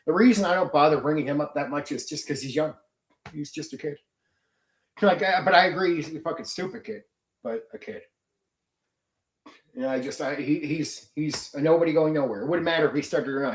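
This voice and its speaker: Heard in an echoey room, a middle-aged man with a highish voice hosts a laid-back livestream chat. He rants openly, blunt in tone and heavy on the profanity.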